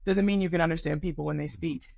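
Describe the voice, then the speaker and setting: An American woman, a podcast guest and life coach, tells personal stories in a relaxed, lively way, with sudden pitch jumps when she mimics other people. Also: fast talker, gravelly, no room sound. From United States. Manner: animated, acts out quoted people with sharp pitch jumps. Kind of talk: casual conversational storytelling.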